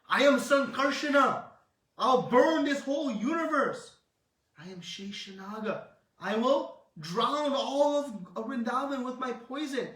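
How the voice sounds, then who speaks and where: A man voicing a fiery, angry young boy god who threatens loudly and scolds his younger brother. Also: extremely high pitch, expressive, unhurried, pitched above the performer's own voice, exaggerated voice. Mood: furious. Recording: roomy hall, distant mic.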